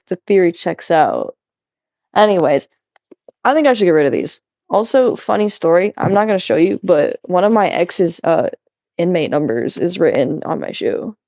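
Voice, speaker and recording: This vlog shows a young woman tidying her home while talking in a chatty, meandering way, interrupting herself and laughing a lot. Her voice is on the low side, gravelly and dark, and the muffled recording has no echo.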